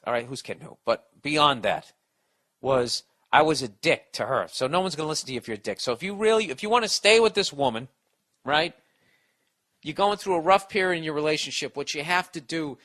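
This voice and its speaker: A middle-aged man hosts a comedy podcast alone, with a bright, forward voice. He rants, swears and mocks, sounding exasperated while he hands out blunt advice. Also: fairly high pitch. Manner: profane, exasperated, sarcastic ranting. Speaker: podcast host giving advice. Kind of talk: ranting comedic podcast monologue.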